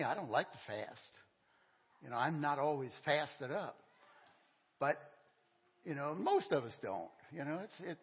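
Older preacher with a husky voice. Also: male voice, on the high side. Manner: halting, self-correcting, conversational; asks the congregation questions. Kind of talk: informal sermon. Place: church sanctuary. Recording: dull, echoey church recording.

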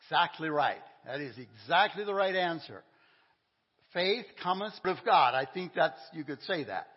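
Older preacher with a husky voice. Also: male voice, fairly high pitch, animated. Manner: halting, self-correcting, conversational; asks the congregation questions. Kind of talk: informal sermon. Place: church sanctuary. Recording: dull, echoey church recording.

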